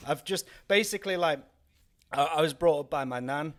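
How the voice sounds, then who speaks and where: A young man from North Wales co-hosts a podcast, chatting casually and rambling with lots of fillers and restarts. His accent is mixed, faintly Welsh with traces of southern English, and his slightly high voice moves at a normal speed.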